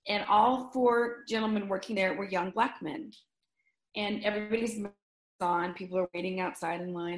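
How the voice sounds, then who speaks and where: A middle-aged woman speaks earnestly in a relaxed conversation, telling a personal story with real feeling. She restarts her sentences often as she searches for words. Her voice carries a noticeable roomy echo. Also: medium pitch. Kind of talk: casual conversation.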